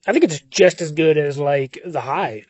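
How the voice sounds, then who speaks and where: A man's voice: fairly high pitch, moderate pace, a little mellow, dry recording. A young man leaving a long, rambling and profane voice message from his car at night, dazed and worn out, drifting from one thought to the next. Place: inside a car on a country road at night. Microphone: phone.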